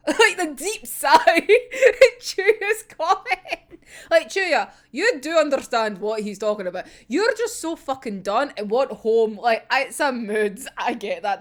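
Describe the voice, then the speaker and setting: A young woman casually recapping a manga chapter, rambling and swearing, breaking into frequent laughter. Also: fairly high pitch. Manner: excitable, rambling, swears a lot, laughs often. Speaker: manga reaction vlogger.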